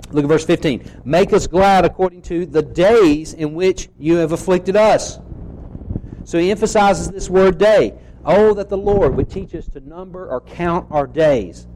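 A man delivers an earnest expository sermon, slowing down to read scripture aloud and stopping to ask rhetorical questions. His voice is mellow and sits a little high for a man. A faint background hiss runs under the recording. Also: low-quality recording. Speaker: preacher.

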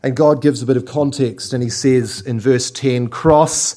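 A man preaching a sermon as pastor, telling lively stories and acting out little scenes. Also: medium pitch, moderate pace.

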